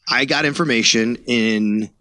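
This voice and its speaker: A man's voice: mid-range voice, measured pace, bright, forceful tone, no room sound. A man from Buffalo, New York, a sports reporter who is a podcast guest, telling his story animatedly and acting out quoted dialogue. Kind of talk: casual storytelling interview.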